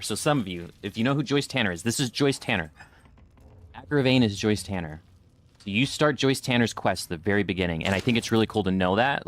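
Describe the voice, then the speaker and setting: A man's voice: fairly low pitch, a bit bright, no room sound. A man streaming a video game in casual commentary, chatting and reading in-game notes aloud into a desk microphone. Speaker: gaming streamer. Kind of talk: casual let's-play commentary. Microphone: desk microphone at a computer.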